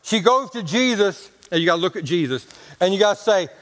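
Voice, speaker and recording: A man's voice: high voice, lively intonation, brisk, a bit bright, long reverb tail. A man preaching a sermon in a homespun, colloquial way, telling stories and talking to the congregation. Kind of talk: folksy storytelling sermon.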